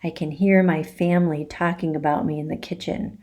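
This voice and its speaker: A teacher reading a children's chapter book aloud in an expressive storytelling manner. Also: female voice, sits low, a little fast.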